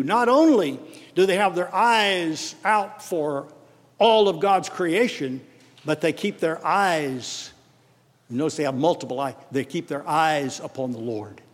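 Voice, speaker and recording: A male pastor with a Texan accent delivers a sermon at a slow, deliberate pace. His voice sits a little high and rises hard on words he stresses. The sound carries a long hall reverb. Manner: emphatic, swelling on key words, rapid asides.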